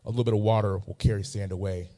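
A man's voice: lowish voice, steady tone, rapid-fire, dark tone. A man preaching a sermon, mixing a funny personal story with emphatic, repeated phrases.

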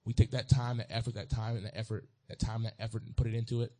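Folksy preacher man, low voice. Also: little pitch movement, fast talker, warm tone. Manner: folksy, playful, talks straight to the congregation. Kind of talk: sermon.

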